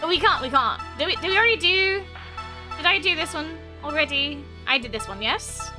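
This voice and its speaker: Bubbly high-voiced woman streamer. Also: animated, brisk, over music. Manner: bubbly, gushing, giggly. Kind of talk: let's play commentary.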